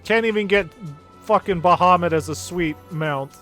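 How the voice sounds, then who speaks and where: A man's voice: sits high, normal speed, bright, forceful tone, faint music behind. A man streaming a video game, commenting casually with sarcasm and lots of swearing.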